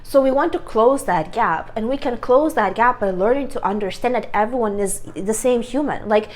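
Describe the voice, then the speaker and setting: A woman's voice: a little high, moderate pace. A woman with a worn, strained voice giving an earnest self-help talk to camera, stressing her points by repeating them. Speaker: vlogger.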